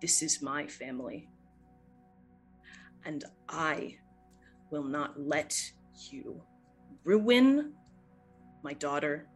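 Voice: medium pitch, sing-song, very slow, pauses often, soft background music, full character voice, rough recording. A game master voicing a stern older grandmother who gives cold, commanding threats.

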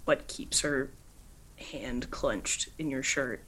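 Brief: woman game master, low voice, unhurried, loose casual narration. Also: a bit bright. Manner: casual, many filler "like"s.

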